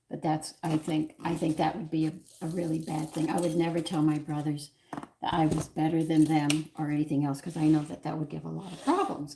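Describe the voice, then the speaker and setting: A woman's voice: sits low, warm tone, slight background noise. A woman in her sixties hosting a home cooking stream from her kitchen, chatting in a rambling, opinionated way while greeting viewers. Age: 60s. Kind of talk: casual chat while cooking.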